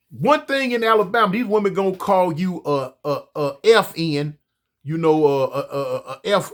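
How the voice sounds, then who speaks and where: A man telling a story casually, animated and profane, often stammering and repeating himself. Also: high-pitched.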